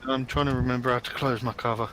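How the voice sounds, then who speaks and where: A man's voice: medium pitch, level tone, fast, background noise. A man playing along on a gaming voice call, joking in dry, teasing banter. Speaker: co-player. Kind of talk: casual gaming chat.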